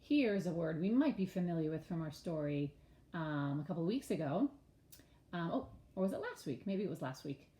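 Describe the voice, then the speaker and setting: Woman, early-grades teacher, slow letter-by-letter spelling, warm low tone, roomy echo. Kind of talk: early-grades reading lesson.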